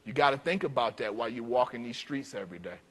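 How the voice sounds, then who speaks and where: A man preaching voices a stern older male church deacon who scolds a boy he mentors in a slow, firm, low voice. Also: lively intonation, lightly acted. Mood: grave.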